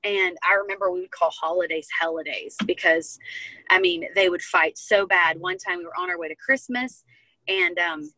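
Speaking as a guest, a young woman tells her personal testimony earnestly and from the heart, leaning on lots of fillers in a casual conversation. Her lowish voice sounds pushed and bright at a moderate pace, on a dry, rough recording.

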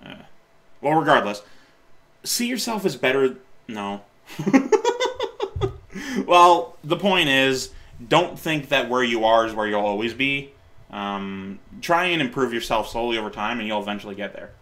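A man in his late twenties talks casually at a medium pitch, rambling and correcting himself mid-sentence. He laughs at himself and offers gentle encouragement as he reacts. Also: lively intonation, moderate pace. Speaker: YouTuber reacting to his old video.

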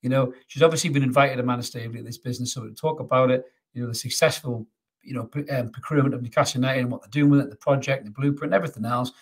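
A man's voice: mid-range voice, steady tone, rapid-fire, husky. A man, ranting angrily as host of a football fan channel, swearing and mocking. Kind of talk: ranting commentary to camera.

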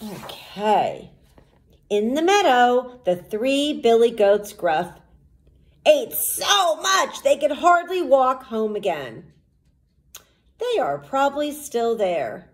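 A woman teacher reading a storybook aloud to children, pausing to explain the pictures and words in a patient way. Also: a little high, sing-song.

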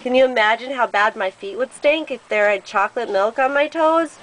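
A woman's voice: on the high side, a little fast, a bit bright, slight background noise, rough recording. A woman filming a home video and chatting with a small child, playful and full of exaggerated reactions. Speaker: parent filming a toddler.

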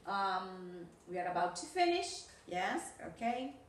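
A woman teaching an English class on video, slowly and deliberately, checking in often with "yes? okay?". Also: medium pitch, big pitch swings, recorded from a distance, noisy background. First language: Spanish. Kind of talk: recorded video lesson. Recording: roomy echo, voice from off the mic.

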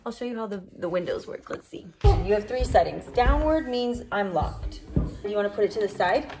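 American woman, thirties, casual vlog storytelling, gravelly fry in the voice. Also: mid-range voice, animated, moderate pace, noisy background. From United States. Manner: chatty storytelling, lots of "like". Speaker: vlogger. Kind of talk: casual travel vlog chat.

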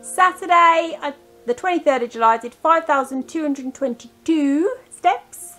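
A woman's voice: high-pitched, moderate pace, a bit bright, soft background music, poor audio. A woman in her forties chatting casually to camera as a vlogger, giggly and self-mocking. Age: 40s.

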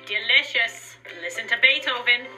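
A woman's voice: on the high side, normal speed, bright, forceful tone, soft background music, rough recording. A woman giving goofy, chatty commentary while playing a pretend doctor game, laughing often. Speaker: gaming YouTuber.

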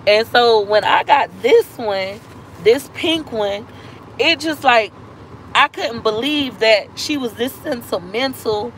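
In her personal vlog, a woman in her thirties with a mid-range voice speaks at a normal speed, candid and emotional, repeating herself and acting out quoted speech. The recording is low quality with slight background noise.

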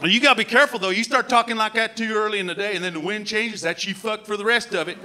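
A man from Canada doing live stand-up comedy, shouting and slipping into silly put-on voices and accents. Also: high-pitched, quick pace.

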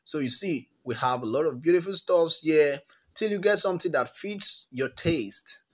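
A man's voice: a little high, expressive, moderate pace. A man hosting a screen-recorded app tutorial, chatty and encouraging, often repeating words as he walks through each step. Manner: encouraging, gives life advice. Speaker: tutorial host.

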